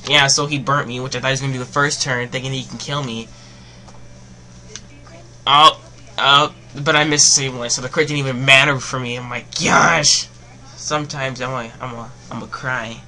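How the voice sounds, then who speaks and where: A young man talks through his own match as it happens, with a bright, forward voice that sits at an ordinary pitch for a man. He rambles and fills every gap with "um," drops into glum mutters, then yells when things swing his way. It sounds like a home desk mic. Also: flat delivery, quick pace, few pauses. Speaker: gaming commentator. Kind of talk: live game commentary.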